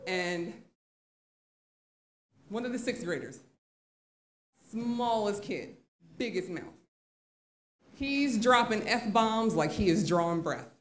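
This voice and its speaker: A woman's voice: mid-range voice, slight background noise. A woman teacher telling a candid, conversational story on stage at a live event. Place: live event in a museum venue. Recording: echoey live venue.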